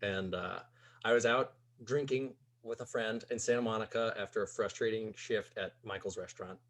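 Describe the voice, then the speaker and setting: A man's voice: lowish voice, normal speed. A young man from Missouri, a podcast guest telling a casual story, rambling with many "like"s and "um"s. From Missouri, USA. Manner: rambling, peppers speech with "like" and "um".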